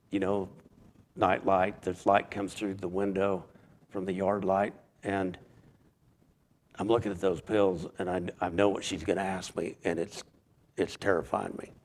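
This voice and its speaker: A man with a fairly low voice tells his personal testimony. He speaks haltingly, restarting sentences and repeating words as he works his way through it. The delivery is plain and unscripted. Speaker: church member giving a testimony.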